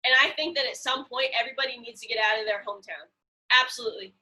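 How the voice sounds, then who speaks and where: A woman's voice: a little high, very fast, sharp tone. A young woman from Central Illinois co-hosting a podcast over a video call, chatting casually and swearing freely as she gives blunt advice. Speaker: podcast co-host. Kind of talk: casual chat.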